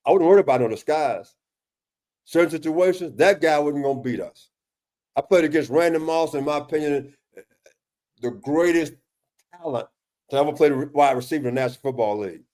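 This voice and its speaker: A football defensive analyst breaks down game film in a casual discussion, speaking fairly quickly in a fairly high, slightly mellow voice with long pauses. Emphatic and exasperated, he repeats words and restarts as he questions a play, often calling his co-host by name.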